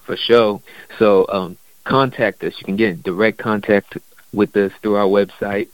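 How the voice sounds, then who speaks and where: A man's voice: fairly low pitch, steady tone, normal speed, dry recording, muffled recording. A man guesting on an interview as a musician, talking in a laid-back, casual way with loose slang and lots of fillers.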